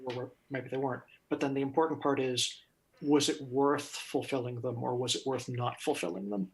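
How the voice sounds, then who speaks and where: Calm, gravelly man running a tabletop game. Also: mid-range voice, slight background noise. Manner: calm, measured narration in second person. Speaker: game master.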